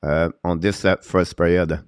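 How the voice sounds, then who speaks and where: A man with a low voice calls a hockey game live for his stream, narrating each pass and battle in broken non-native English full of "uh" fillers. His pitch jumps high and loud when a shot comes. The sound is dry and close, with no room around it. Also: moderate pace, clean tone, no room sound. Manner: jumps to high, loud excitement on scoring chances. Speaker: play-by-play host.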